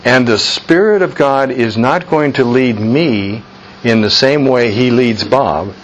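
A man's voice: medium pitch, takes it slowly, highs cut off. A man leading an informal Bible study, talking earnestly and conversationally, repeating his points for emphasis.

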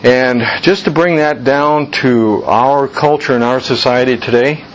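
A man teaching a Bible class as a pastor, speaking with slow emphasis and putting questions to the group. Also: medium pitch. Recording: muffled church recording with faint hiss.

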